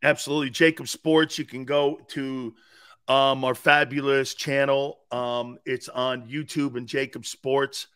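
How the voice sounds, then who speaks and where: A man in his fifties, a former player and sports radio host, talking as a guest in a casual podcast interview, emphatic and animated with loud outbursts. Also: mid-range voice, unhurried, smooth. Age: 50s.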